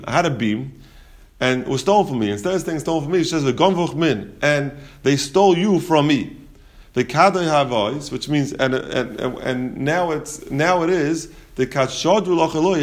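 A man gives a relaxed Talmud lesson. His pitch sits in a plain middle range. He tells each story with animation and often halts to restart a phrase. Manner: animated storytelling, acting out quotes, chuckling. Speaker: Talmud teacher. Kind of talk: casual Gemara lesson, translating as he goes.

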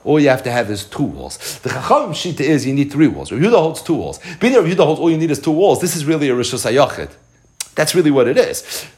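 A man teaching a Talmud class, explaining step by step and rephrasing points, with Hebrew and Aramaic terms mixed into his English. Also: a little high.

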